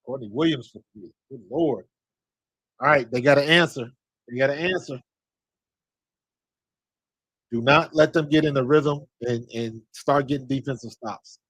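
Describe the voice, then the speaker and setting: Excitable man coaching a game on screen. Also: a little high, normal speed, dry recording. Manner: excitable, talks to players on screen, coaching and scolding. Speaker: fan commentator. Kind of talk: live watch-along commentary.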